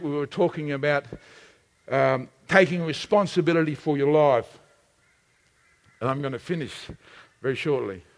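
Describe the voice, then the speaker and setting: A man preaching a sermon in an impassioned way, building to shouts and then dropping low. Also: creaky, big-room sound. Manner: impassioned, shouting at peaks, dramatic swings.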